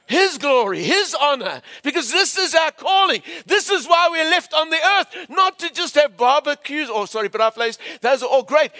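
Man preaching, very high voice, sharp bright tone, animated, shouts and hushes, storytelling sermon. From England. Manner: animated, shouts on climaxes, drops to hushed tones.

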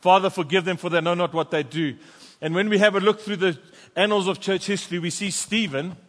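A pastor preaching a sermon and reading scripture aloud with fervent emphasis in a church. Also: male voice, high voice, fairly even intonation, fairly quick. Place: church sanctuary. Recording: long church reverb.

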